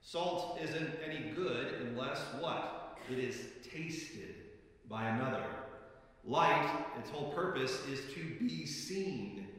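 A man's voice: mid-range voice, takes it slowly. A male pastor delivers a sermon in a casual, talky manner, leaning on little fillers and repeating key phrases for weight. His voice rings through a large, reverberant church space. It is picked up from well back in the room rather than close on the mic. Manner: relaxed, conversational preaching with frequent "uh" fillers and emphatic repetitions. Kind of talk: sermon with scripture reading. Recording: echoey hall, voice picked up from a distance.

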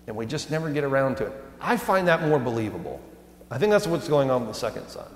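A man in his thirties gives a sermon from the pulpit, chatting and joking his way through everyday stories. His mid-pitched voice carries through a roomy church sanctuary, and a long reverb trails after each phrase. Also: sing-song, fast talker. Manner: conversational storytelling with humor. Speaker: pastor.

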